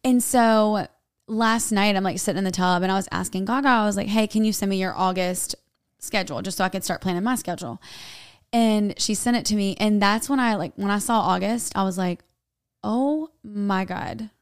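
A woman's voice: mid-range voice, brisk, clean tone, no room sound, clean studio sound. A young woman, co-hosting a podcast and rambling through a personal story in casual chat. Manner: chatty, rambling storytelling with many "like"s. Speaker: podcast co-host.

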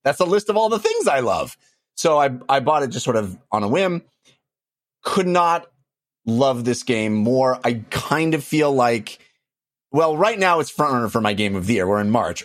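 A man's voice: fairly low pitch, no room sound, studio quality. A man hosting a podcast, talking enthusiastically and rambling a bit, with lots of fillers. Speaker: podcast host. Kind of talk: casual podcast chat.

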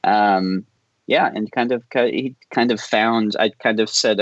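A man guesting on a podcast, talking in a relaxed, rambling way and laughing often. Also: fairly low pitch, a little slow, dry recording, highs cut off. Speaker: film director guest. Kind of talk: casual podcast interview.

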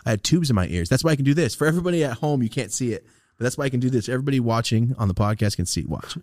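A podcast host who is recovering from a sinus infection talks in a rapid-fire, medium-pitched voice on a dry, studio-quality recording. He chats casually, swears a lot, and tells animated stories, acting out what people said.

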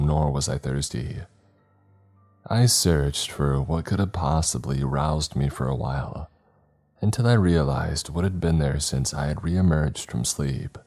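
A man narrates a horror story in an extremely deep, dark voice. His delivery is slow, grave and measured, like a practiced storyteller. Quiet music plays faintly behind him.

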